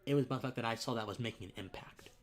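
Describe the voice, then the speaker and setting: A young man hosting a livestream talks very fast at a medium pitch, earnestly recounting a personal story. He becomes choked up and tearful as his voice shrinks to near whispers.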